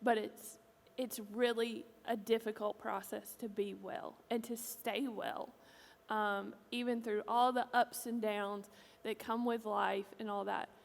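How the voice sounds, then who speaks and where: A woman speaking as a pastor's wife to a congregation in a church auditorium. She is soft-spoken and reflective. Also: mid-range voice, little pitch movement, a little slow, vocal fry. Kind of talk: stage conversation to a congregation. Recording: long hall reverb.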